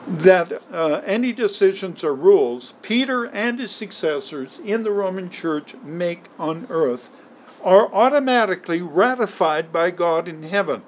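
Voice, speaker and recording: A man delivers a sermon in a teaching manner, stressing points by repeating key words. His voice sits a bit high for a man. A faint room ambience runs under the recording. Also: animated, a little slow, a little hiss or hum, poor audio. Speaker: pastor.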